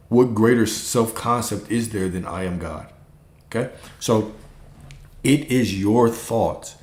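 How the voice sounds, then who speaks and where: A man with a fairly low voice speaks as a spiritual coach on a livestream, relaxed and repetitive, often asking rhetorical questions and checking in with a quick "okay?". His voice carries a noticeable room echo. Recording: roomy echo.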